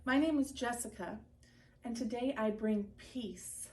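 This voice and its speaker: A woman's voice: on the high side, measured pace, noisy background. A woman teaching a children's Sunday school class, leading chants and group breathing with upbeat energy.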